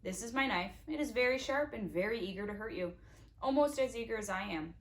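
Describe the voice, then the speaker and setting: A woman's voice: fairly high pitch, animated, fairly quick. A woman reading a storybook aloud, voicing a sneering, menacing adult male villain with a mocking, threatening manner.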